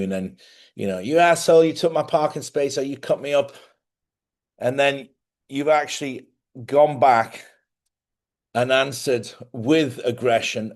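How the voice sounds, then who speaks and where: A man at a mid pitch talks loosely and at length, circling back on his points and tossing in "yeah?" to his listeners. He hosts a live spiritual chat from a studio, unscripted and easygoing. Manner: rambling, conversational, repeats himself and asks listeners "yeah?". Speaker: host of a live spiritual talk show. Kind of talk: casual live-stream talk.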